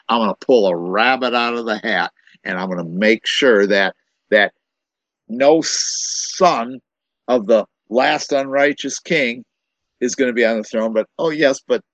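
Man teaching scripture, deep and dry. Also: fairly bright tone, dry recording, low-quality recording. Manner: repeats words while thinking aloud. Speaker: Bible teacher. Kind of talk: informal Bible teaching.

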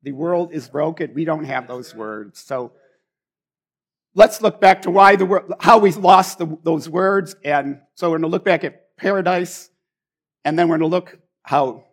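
Male preacher, high and husky, informal sermon, earnest, frequent restarts. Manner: conversational, restarts often, earnest.

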